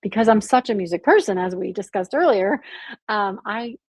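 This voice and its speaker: A woman's voice: medium pitch, animated, moderate pace, no room sound. A woman guest on a faith podcast, telling her story earnestly and animatedly, with lots of "like" in her speech. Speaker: podcast guest, abuse survivor. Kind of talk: candid faith podcast conversation.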